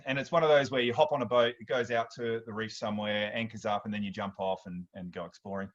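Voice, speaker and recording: A man in his thirties with an Australian accent, hosting a workshop and telling stories in a chatty, animated way, often restarting his sentences. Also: lowish voice, fast, lo-fi sound. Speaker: workshop host. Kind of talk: casual storytelling talk.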